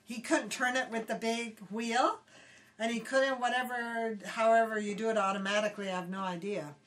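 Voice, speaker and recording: An older woman from Hawaii, casually telling animated stories in an interview and acting out quoted voices. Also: a little high, normal speed. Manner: animated, acts out quotes loudly, laughs often. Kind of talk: casual storytelling. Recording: voice somewhat distant from the mic.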